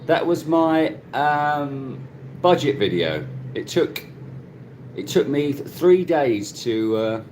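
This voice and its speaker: Speaking slowly with big pitch swings, a middle-aged man with a darkish, somewhat high voice hosts a casual phone live stream from Cebu, Philippines. Slight background noise is audible as he chats, laughs often, and names viewers in greeting.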